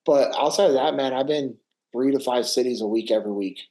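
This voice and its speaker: A middle-aged man, a podcast guest, talks in a casual, animated storytelling way with a mid-range voice. He drops "bro" and "man" into nearly every sentence. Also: medium pitch, a little fast, poor audio. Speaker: podcast guest, former Navy SEAL. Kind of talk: casual interview chat.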